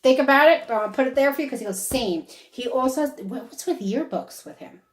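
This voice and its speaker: A woman's voice: high voice, quick pace. Chatty woman medium, echoey room. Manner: chatty, relays quotes in lively bursts with frequent laughs. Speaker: psychic medium. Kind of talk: conversational reading to a sitter.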